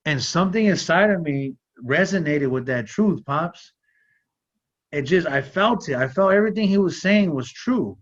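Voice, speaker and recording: A man's voice: fairly high pitch, lively intonation, normal speed. A man hosting a talk show, sharing a personal story in an earnest conversational way, with frequent "like" and "you know". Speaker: podcast host. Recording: slightly muffled audio.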